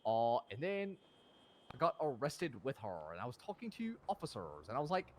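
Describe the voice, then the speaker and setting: A man's voice: medium pitch, sing-song, moderate pace, a little mellow, a little hiss or hum. A young man telling a rambling, slangy story in character while role-playing on a stream.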